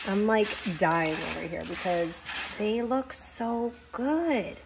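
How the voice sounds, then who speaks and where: A woman's voice: mid-range voice, expressive, slow, background noise. A woman talking through her baking in a chatty, gushing kitchen vlog. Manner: chatty and gushing, with many fillers. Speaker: home cooking vlogger.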